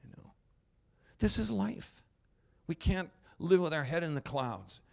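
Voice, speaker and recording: A man's voice: a little high, very animated, a little slow, gravelly, darkish tone. A man preaching a sermon as a pastor, in a conversational, wry way with asides and restarts.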